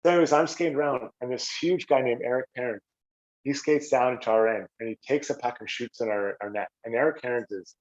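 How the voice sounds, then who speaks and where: A middle-aged Canadian man, a former hockey player, telling stories casually on a podcast and acting out quotes with a raised voice. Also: quick pace. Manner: animated, acts out quotes with raised pitch. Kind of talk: casual storytelling. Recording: slightly dull lo-fi audio.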